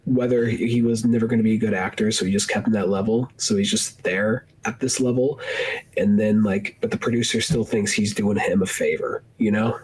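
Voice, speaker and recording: A man's voice: on the low side, fairly even intonation, fairly quick, a little mellow, slightly rough, low-quality recording. A man co-hosting a podcast, chatting casually and at length about a film, often acting out lines from it in a raised voice. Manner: rambling, acts out movie lines in raised voices. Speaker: podcast co-host. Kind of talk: casual film review chat.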